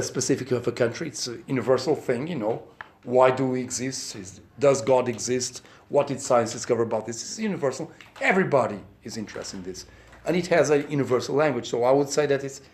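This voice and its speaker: A middle-aged man with a Portuguese accent talks in English at a press conference, with a middle-pitched voice. He is chatty and explains himself through stories and examples. English is not his first language. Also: brisk, darkish tone.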